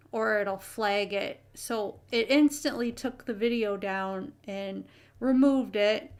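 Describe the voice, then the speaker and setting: A woman hosting her own live stream, talking in an earnest, hesitant way with many pauses and fillers. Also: medium pitch, clear, resonant tone. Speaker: channel host.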